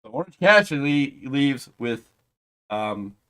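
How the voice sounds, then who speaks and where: A man's voice: big pitch swings, takes it slowly, smooth. Exasperated man ranting about wrestling. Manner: exasperated ranting, swings from loud outbursts to low muttering; sarcastic asides. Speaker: wrestling show reviewer. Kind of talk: casual wrestling review commentary.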